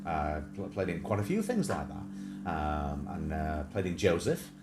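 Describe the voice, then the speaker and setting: A man's voice: extremely low pitch, very animated, measured pace, roomy sound, very noisy. A man hosting a livestream in casual chat, rambling with many fillers and small asides. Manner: rambling, many fillers, breaks into sung snatches and mimicked accents. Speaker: livestream host.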